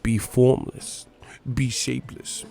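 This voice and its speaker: A man doing a hushed, calm martial-arts master. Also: mid-range voice, creaky, soft background music. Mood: calm, philosophical. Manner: hushed, slow, half-whispered delivery.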